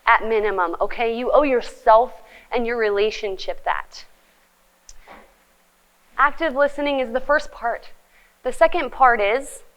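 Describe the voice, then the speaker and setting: Lively, joking woman relationship coach. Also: a little high, muffled recording. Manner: lively, joking, acts out quoted partners. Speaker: relationship speaker and life coach. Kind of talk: motivational talk.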